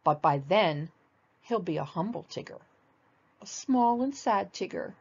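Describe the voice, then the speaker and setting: As a woman reads it, a fussy, bossy rabbit with clipped, excitable speech. Slightly low, on a dull, lo-fi recording. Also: a little slow, husky, heavily acted. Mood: scheming. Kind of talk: storybook read-aloud.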